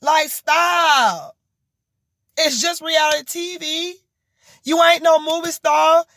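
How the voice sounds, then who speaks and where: A woman vlogger recapping a reality show in blunt, profane, animated gossip commentary. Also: very high-pitched, a little slow. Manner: animated, mocking and exasperated.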